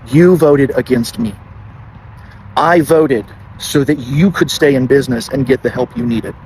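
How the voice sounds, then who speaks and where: A man's voice: mid-range voice, a little mellow, slight background noise, low-quality recording. A man ranting about politics, indignant and accusing, repeating his points. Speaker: commentator. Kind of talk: passionate political rant.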